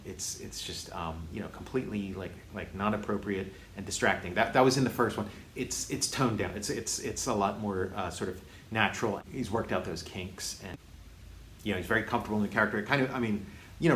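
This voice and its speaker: A man hosting a casual movie review, halting often with restarts and fillers. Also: on the low side, a bit bright. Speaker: host, film reviewer. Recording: echoey room with faint hiss.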